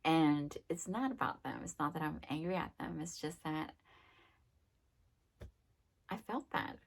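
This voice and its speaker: A woman's voice: sits low, a little slow, creaky, breathy edge. A young adult woman giving a casual, rambling self-help talk, full of fillers and acted-out quotes. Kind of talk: casual monologue.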